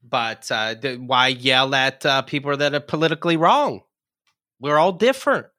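A blunt man host who answers defensively and with sarcasm. His voice is bright and sharp at a middle pitch. The recording is dry. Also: moderate pace, dry recording. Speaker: talk show host. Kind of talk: combative casual chat.

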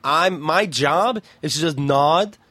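Male podcast co-host, slightly high voice, profane rambling storyteller, dry close-miked sound. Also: slow, bright, forceful tone, no room sound. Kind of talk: casual crude banter.

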